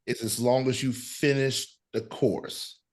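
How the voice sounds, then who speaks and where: A man's voice: medium pitch, level tone, takes it slowly. Man, podcast co-host, playful, teasing, mock-reluctant. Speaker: podcast co-host, studio manager. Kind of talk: casual sports podcast chat.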